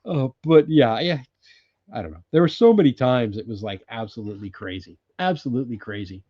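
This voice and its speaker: An older man from California hosting a casual live chat from his off-grid cabin, rambling and laughing often as he greets viewers loudly. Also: mid-range voice, big pitch swings, moderate pace, highs cut off. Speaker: live-stream host.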